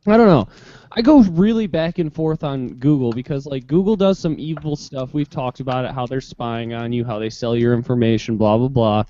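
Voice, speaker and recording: A man's voice: moderate pace, dry recording. Man, co-host, rambling podcast chat, lots of "like", dry dull call audio. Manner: rambling, lots of "like", rising pitch when excited. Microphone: video call.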